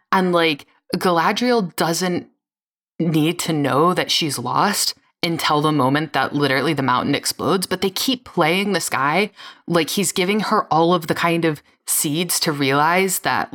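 Low-voiced woman ranting in casual chat. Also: fairly bright tone. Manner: ranting, profane, sarcastic. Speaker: podcast co-host.

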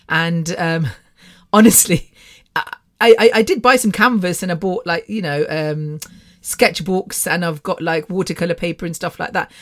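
Middle-aged British woman, casual podcast host, rambling storyteller. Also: on the low side. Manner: chatty, rambling, laughs often. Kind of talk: casual personal monologue.

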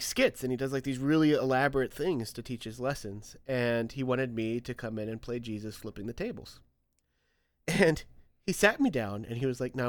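A man's voice: medium pitch, dry recording. A young man co-hosting a casual podcast, telling stories with lots of fillers and bursts of laughter. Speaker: podcast co-host. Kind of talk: casual chat, storytelling.

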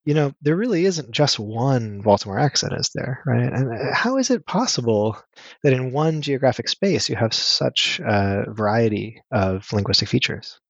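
Man, interview host, hesitant, halting, slightly dull dry recording. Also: medium pitch, lively intonation, creaky, no room sound. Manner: hesitant, many fillers and restarts. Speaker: podcast host. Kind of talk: interview conversation.

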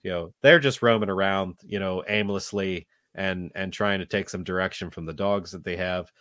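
A man's voice: low voice, steady tone, normal speed, a bit bright, dry recording, studio quality. A man in a casual podcast chat about a film, talking loosely with many fillers and restarts. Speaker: podcast co-host. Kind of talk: casual movie discussion.

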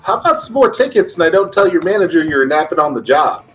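A man's voice: a little high, sing-song, quick pace, heavy background noise. A young adult man playing in a tabletop game, blunt and joking, swearing casually in and out of character. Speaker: player. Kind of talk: tabletop role-play, in and out of character.

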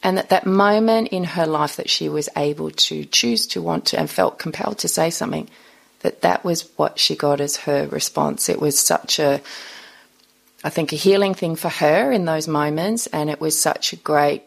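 A woman's voice: low voice, normal speed, gravelly. A middle-aged woman, a podcast guest, telling a personal story in an earnest, reflective interview.

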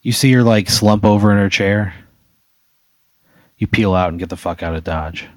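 A man's voice: on the low side, moderate pace, darkish tone, dry recording. A man hosting, narrating an improvised hypothetical scenario in second person, loose and rambling with fillers. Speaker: host.

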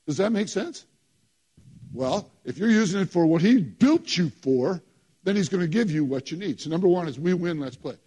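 A man's voice: high voice, expressive, moderate pace, warm tone, husky. A man preaching a sermon in church, working the congregation with emphatic call-and-response and short repeated phrases. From New York. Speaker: pastor.

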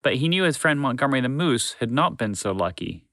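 A man narrating a children's story in a calm, measured, friendly way. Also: mid-range voice, dry recording.

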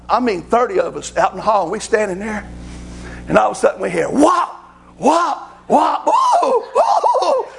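A middle-aged man preaching a sermon, telling folksy, animated stories about growing up. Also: very high-pitched, vocal fry, a little hiss or hum. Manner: folksy, animated storytelling with laughs. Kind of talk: storytelling sermon.

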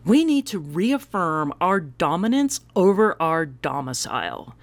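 Woman, 50s, animated comic storyteller, self-mocking, dry recording. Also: on the low side, unhurried, dry recording. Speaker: vlogger.

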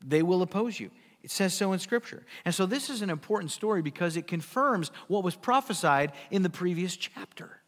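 A man's voice: sits high, animated, a little fast, big-room sound. A man preaching a sermon, emphatic and full of rhetorical questions. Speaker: pastor.

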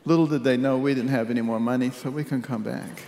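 Speaking in a steady, mid-range voice with vocal fry, a wry older man from Detroit in the United States tells his life story. He is measured and drops softly at serious moments, and the echoey hall around him carries a long reverb.

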